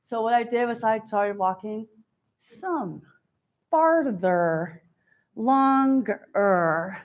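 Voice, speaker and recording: A woman's voice: fairly high pitch, animated, very slow. A middle-aged woman giving a candid, self-deprecating keynote talk, often acting out what others said to her. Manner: candid, self-deprecating, acts out quoted voices. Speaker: keynote speaker.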